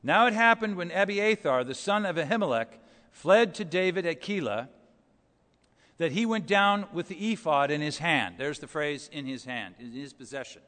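A man's voice: on the high side, animated, moderate pace, fairly bright tone, long reverb tail. A man preaching a sermon, explaining scripture verse by verse in a conversational way with rhetorical questions.

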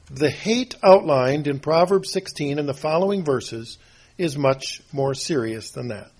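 A husky older man delivers a homespun sermon. He rambles from story to scripture, and his voice sits a touch higher than most men's. He clears his throat often as he goes. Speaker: preacher. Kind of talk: folksy sermon.

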